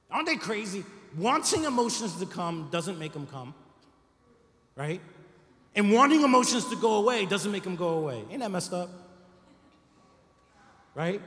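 A man's voice: sits high, pushed and bright. A man preaching a sermon as pastor, talking to the congregation in a conversational way and often checking in with "right?". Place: church sanctuary. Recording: echoey church hall.

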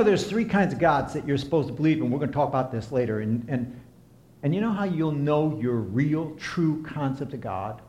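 A man preaching a sermon and counseling as he talks, impassioned, swinging from soft to emphatic. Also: medium pitch. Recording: echoey room.

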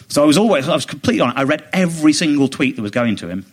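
A man's voice: fairly high pitch, rapid-fire, husky. Indignant man telling a story. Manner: animated, indignant, quotes others in mock voices. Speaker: comedian guest. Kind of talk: casual chat, storytelling.

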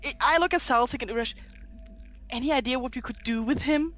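A woman's voice: sits high, fairly quick, fairly bright tone. A woman player in a casual tabletop game, chatty and full of questions, heard over dull lo-fi audio.

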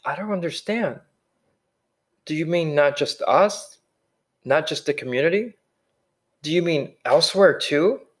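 Man reading as polite young apprentice boy, tentative, apologetic, a bit higher voice. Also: lively intonation, measured pace, long pauses. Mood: confused.

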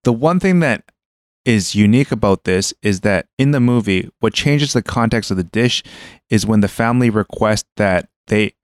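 A man's voice: lowish voice, moderate pace, no room sound, studio quality. A man co-hosting a casual podcast chat, explaining things at length with frequent fillers and restarts. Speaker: podcast co-host.

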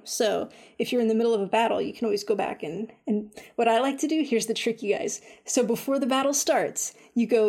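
A woman chatting casually about a game she has been playing, full of "like" and "um", animated when she retells her own reactions. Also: a little high. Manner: chatty, lots of fillers like "like" and "um". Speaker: video game reviewer. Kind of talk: casual chat.

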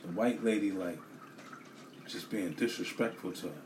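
A man telling a story as a profane rant, animated, swearing a lot and repeating himself. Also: low voice, moderate pace, a little hiss or hum.

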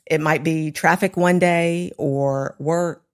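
A woman's voice: low voice, steady tone, slow pace, smooth. A woman co-hosting a casual chat, candid and self-deprecating, speaking to listeners. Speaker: podcast co-host.

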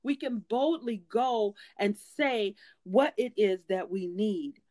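A woman's voice: medium pitch, expressive, slow pace, a little mellow, dry recording. A woman preaching a sermon in an earnest, emphatic way, with frequent fillers and restarts.

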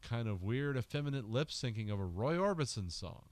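A man co-hosting a film podcast, rambling and joking, sometimes shouting out quoted lines. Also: mid-range voice, animated, fairly quick, no echo. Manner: rambling, jokey, acts out lines in loud bursts. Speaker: podcast co-host. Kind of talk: casual film discussion.

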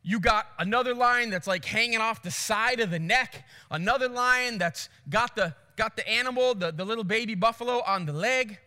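A male pastor telling a story in a sermon, animated, acting out voices and sounds. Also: sits high, moderate pace, hardly any pauses, big-room sound.

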